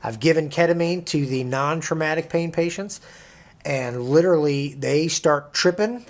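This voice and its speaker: A man talking as a firefighter paramedic co-hosting a podcast, relaxed and a bit jokey in casual conversation. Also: fairly high pitch, normal speed.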